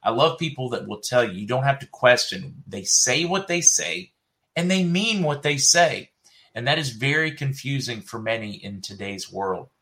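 Southern guy hosting a livestream, bright forward voice, laughs a lot, hops from comment to comment. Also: medium pitch, expressive, normal speed, creaky. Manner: chatty, laughs often, jumps between comments. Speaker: host reading viewer comments. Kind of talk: casual livestream chat.

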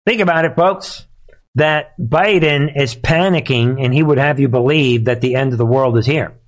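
A man of middling pitch hosts a live commentary stream in a sarcastic, emphatic rant. He leans on words for effect and talks straight to his listeners. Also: moderate pace. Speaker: host of a live commentary show.

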